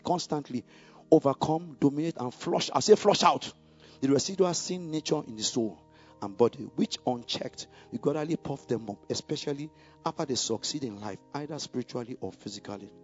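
A man preaching a sermon, dropping to a murmur and rising to loud, emphatic calls, repeating key lines for the congregation to say back. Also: on the high side, breathy edge. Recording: dull lo-fi recording with faint music.

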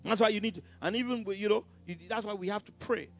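A man's voice: high-pitched, fast talker, vocal fry. A male pastor preaching a sermon, telling a story with many "you know" asides and stammered repeats. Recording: dull lo-fi sound with faint music.

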